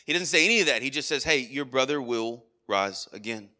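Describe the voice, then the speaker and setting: A man's voice: medium pitch, lively intonation, fairly quick, bright, forceful tone. A man preaching a sermon at a church worship service, earnest, with frequent rhetorical asides. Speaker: pastor.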